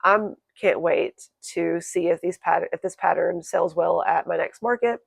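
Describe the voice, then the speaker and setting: A woman crochet vlogger chatting casually to her viewers, quick and self-correcting, her voice croaky today. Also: fairly low pitch, steady tone, dry recording. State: croaky, clearing throat. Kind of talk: casual chat to camera.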